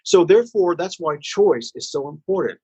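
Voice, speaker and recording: Husky man with an earnest preaching tone. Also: on the high side, lively intonation, warm tone, highs cut off. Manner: earnest, slow and emphatic, preaching tone. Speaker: interview guest. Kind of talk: heartfelt spiritual message.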